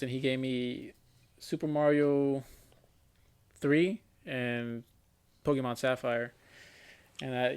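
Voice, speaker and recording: A man's voice: medium pitch, a little mellow, a little hiss or hum. A young man in his twenties, a podcast co-host, telling stories in casual chat among friends, loose and profane, full of "like" and "bro", rambling with many restarts.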